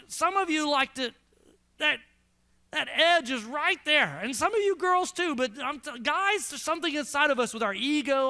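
A male pastor preaches to a congregation in an emphatic sermon style. His voice is unusually high for a man and bright, and he circles back to phrases and slows right down to land a point. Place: church before a congregation.

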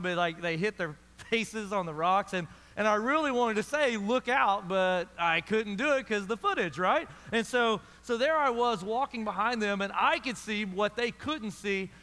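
A man's voice: high voice, bright, forceful tone. A man preaching a sermon to a church audience, in a conversational style with frequent restarts. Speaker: pastor. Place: large church hall. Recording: long hall reverb.

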